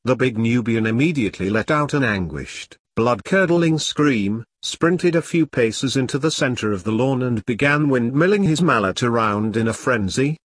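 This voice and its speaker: A man narrating a dark comic story in a steady audiobook reading. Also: medium pitch, moderate pace, few pauses, no room sound.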